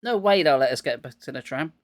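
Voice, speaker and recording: A man's voice: a little high, expressive, fairly quick, no echo, studio quality, close to an everyday voice. A man voicing a frightened young boy sidekick who shrieks and protests. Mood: panicked.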